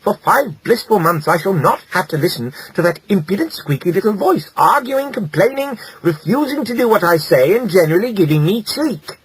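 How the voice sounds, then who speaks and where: A man's voice: animated, moderate pace, hardly any pauses, slightly rough, heavily acted, poor audio. A man voicing a fussy, exasperated mother hedgehog who nags and scolds. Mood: complaining. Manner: shrill, exasperated, nagging.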